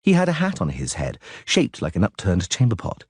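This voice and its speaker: A man narrating an audiobook in a lower, steady voice between the characters he voices. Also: fairly quick, hardly any pauses, breathy edge, no room sound, clean studio sound. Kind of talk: scripted narration.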